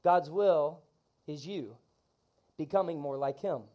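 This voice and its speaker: Fired-up high-voiced man preaching. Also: slow. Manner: animated, call-and-response preaching. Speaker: pastor. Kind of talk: energetic sermon. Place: church.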